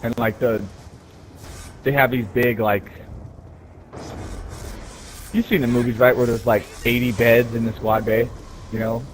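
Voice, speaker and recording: A man's voice: mid-range voice, level tone, measured pace, pauses often, slight background noise, low-quality recording. A man casually telling profane, rambling stories while gaming, often tossing in "right?". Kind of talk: casual storytelling.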